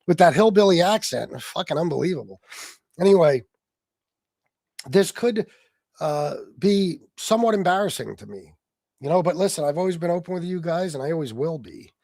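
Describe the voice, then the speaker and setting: A man's voice: on the high side, lively intonation, normal speed, vocal fry, long pauses, a little mellow, no room sound. A man hosting a casual livestream, brash and boastful, swearing freely and answering comments from his viewers. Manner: chats with viewers in the stream chat. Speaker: livestream host.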